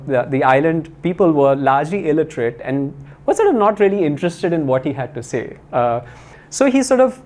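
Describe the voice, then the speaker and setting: A man's voice: on the high side, darkish tone. A man giving a spiritual talk, telling stories in a conversational way with many fillers and restarts.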